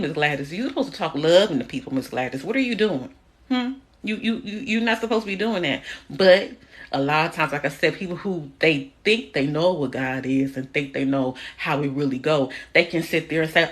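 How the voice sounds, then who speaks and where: A woman's voice: sits low, animated, brisk, a bit bright. A woman giving a preachy spiritual monologue on a phone livestream, emphatic and repetitive, frank and swearing casually, sometimes scolding an imagined person directly. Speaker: spiritual content creator.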